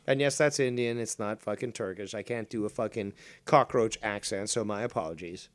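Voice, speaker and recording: A Canadian man hosts a gaming stream, rambling into a computer mic while he teases and swears. His voice sits on the low side, and he talks fairly quickly with hardly any pauses, in casual gaming-stream chat.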